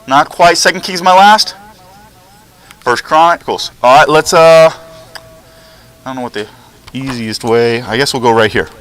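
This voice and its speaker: Upbeat male teacher, bright voice. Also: mid-range voice, rough recording. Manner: upbeat, coaching, quick back-and-forth with students. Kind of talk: classroom lesson. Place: school classroom.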